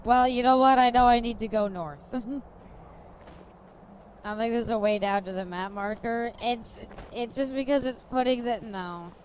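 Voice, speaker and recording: A woman's voice: on the high side, moderate pace, a little hiss or hum. A woman streamer giving casual commentary while she plays, rambling through jokey stories and laughing often. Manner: rambling, giggly, jokey storytelling. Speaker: streamer playing a game.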